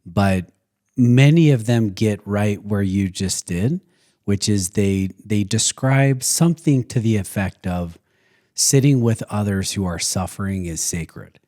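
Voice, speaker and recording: Man, podcast host, measured questions, low voice, mellow tone. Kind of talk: casual podcast interview.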